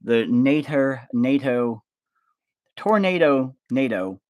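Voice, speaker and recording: A man hosting a livestream who rambles through a casual film pitch, full of fillers and swearing. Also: big pitch swings, slow pace, darkish tone, dry recording. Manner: rambling, filler-heavy, profane. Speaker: livestream host.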